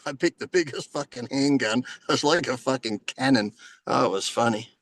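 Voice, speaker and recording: A man's voice: mid-range voice, moderate pace, a bit bright, no echo. A man telling profane, laughing stories as a guest in a casual podcast chat over a video call. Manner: profane storyteller, laughs between phrases.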